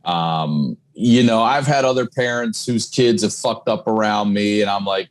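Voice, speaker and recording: A man's voice: on the low side, measured pace, few pauses. A man guesting on a podcast, talking candidly in casual chat and swearing freely. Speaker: comedian and single dad.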